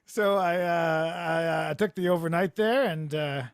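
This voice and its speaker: Gravelly-voiced man telling rambling stories. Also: fairly high pitch, unhurried, no echo, clean studio sound. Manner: rambling storytelling with deadpan absurd jokes. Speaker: podcast host. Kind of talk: casual comedic chat. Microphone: remote video call.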